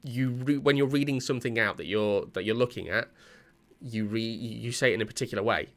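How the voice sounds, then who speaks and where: A man's voice: mid-range voice, fairly quick, a bit bright. A man co-hosting a casual podcast chat, talking hesitantly with lots of fillers and false starts. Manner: rambling, hesitant, many fillers.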